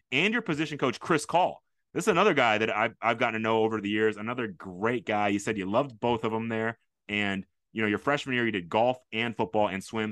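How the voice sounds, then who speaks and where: A male podcast host talks fast and eagerly in a casual interview. His voice is bright and forceful, recorded dry with no room echo, and he keeps the chat moving. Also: fairly low pitch. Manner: fast, enthusiastic, chatty.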